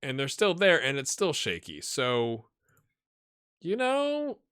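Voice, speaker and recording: A man's voice: fairly high pitch, huge pitch swings, slow, a bit bright, clear, resonant tone, no echo, studio quality. A man hosting a gaming channel, casually commenting on a management game, chatty and thinking aloud with rhetorical questions.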